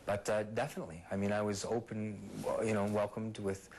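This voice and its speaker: A man being interviewed in casual chat, joking about himself and mixing halting Spanish into his English. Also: fairly low pitch, flat delivery, darkish tone, a little hiss or hum, poor audio. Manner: self-deprecating, mixes broken Spanish into English. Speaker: interview guest, singer.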